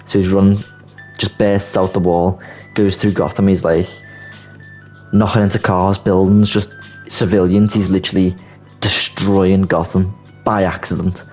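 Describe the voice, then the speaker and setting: Deep-voiced lad telling a story. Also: male voice, poor audio. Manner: animated storytelling, swearing, quick restarts. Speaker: YouTuber. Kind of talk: casual movie plot pitch. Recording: faint music bed.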